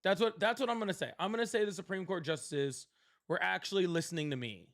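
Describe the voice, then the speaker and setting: High-pitched guy ranting on his political livestream, swears a lot, sardonic and rambly. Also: fast talker, fairly bright tone. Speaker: livestream political show host. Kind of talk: casual live-stream talk. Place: at home, seated.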